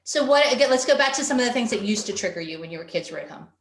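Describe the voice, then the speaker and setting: A woman's voice: a little high, animated, very fast. Woman parenting coach in a roomy room. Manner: earnest, explanatory, acts out quoted parent thoughts. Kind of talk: webinar presentation.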